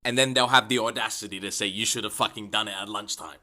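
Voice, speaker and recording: A young man vlogging comic rants, swearing constantly and bursting into exasperated shouts. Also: fairly low pitch, fairly even intonation, fast talker, hardly any pauses. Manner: profane, exasperated ranting with sudden shouts. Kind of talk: comedic rant vlog.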